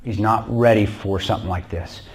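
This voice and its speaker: A man with a lowish voice telling a story to a church audience. He talks in a lively, animated way, jumping into the voices of the people in his story and breaking into laughter now and then. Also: normal speed. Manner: animated, acts out quoted dialogue, laughs often. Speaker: guest speaker.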